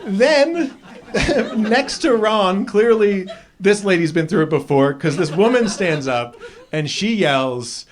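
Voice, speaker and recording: A man doing a stand-up set on a comedy club stage, his voice swinging widely in pitch as he acts out the people in his stories. His voice sits a little high for a man. Audience laughter rolls through the room around him. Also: slow pace, a crowd in the background. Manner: animated storytelling, acts out characters with raised voice.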